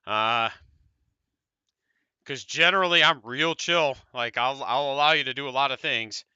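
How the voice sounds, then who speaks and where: Unhurried and medium-pitched, this man sounds pushed and bright but smooth. He's an American co-host on a podcast, rambling lazily about tabletop wargames and occasionally swearing. The recording has no room sound and is muffled.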